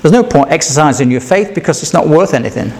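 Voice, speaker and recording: A man's voice: on the high side, animated, fast talker, gravelly, darkish tone, slight background noise. A man giving a sermon in a conversational way, asking rhetorical questions and acting out the quoted lines. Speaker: preacher.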